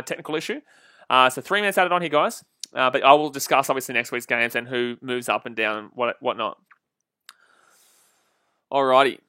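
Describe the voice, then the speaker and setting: Bright-voiced man streaming football. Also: medium pitch, no echo, studio quality. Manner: chatty, laughs often, swears casually. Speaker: livestream football watch-along host. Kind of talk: casual live commentary reading chat.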